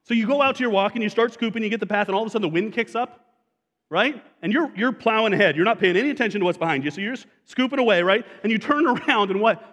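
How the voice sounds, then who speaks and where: A man preaches to his congregation in an easy, conversational way, often putting questions to the listeners. His voice sits a little on the high side. The sound carries the long reverb of a church sanctuary. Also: fast talker, a bit bright. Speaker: pastor. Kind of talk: sermon.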